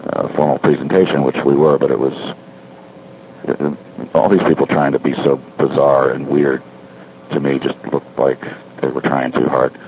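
A man's voice: rumbling low, little pitch movement, moderate pace. A middle-aged man calling from a street payphone, rambling wryly and correcting himself as he talks. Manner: meandering, self-correcting, wry. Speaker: caller leaving a spoken diary. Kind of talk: rambling casual monologue. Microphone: payphone handset. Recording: tinny payphone line with faint street noise.

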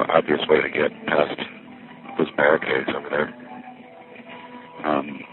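A man's voice: very deep voice, monotone, a little slow, pauses often, slight background noise. A man musing and meandering as he walks through a busy city, recording himself on a phone and a little winded. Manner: musing, meandering, self-interrupting. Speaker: vlogger. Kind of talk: rambling walking vlog. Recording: tinny phone-like recording with faint music.

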